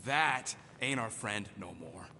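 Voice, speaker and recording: An actor voicing a surly, short-tempered male talking raccoon in a video game, gruff, complaining and cursing. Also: fairly low pitch, expressive, slow, background noise. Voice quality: gruff and grumbling. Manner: complaining, cursing in made-up swears.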